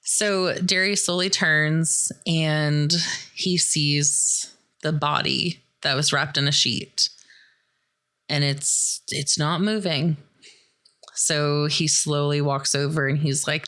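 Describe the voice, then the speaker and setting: A woman's voice: low voice, steady tone, slow pace, pushed and bright, clear, resonant tone. A young adult woman hosting a podcast, casually recapping a horror film in a chatty way, full of "like" and "dude". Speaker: podcast host.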